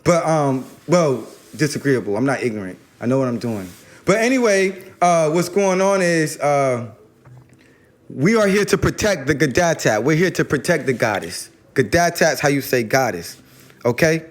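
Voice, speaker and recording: A man's voice: a little high, animated, moderate pace. A man, talking loosely about spirituality. He rambles, drops into slang and stumbles over repeated words as he gets going. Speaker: spiritual guest speaker. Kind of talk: casual spiritual talk.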